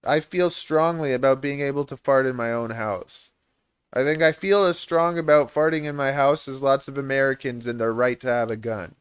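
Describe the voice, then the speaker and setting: A man's voice: medium pitch, moderate pace, clean tone, no echo. Rambling, laughing livestream guy. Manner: rambling, self-deprecating, laughs a lot. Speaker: livestream host and reptile breeder.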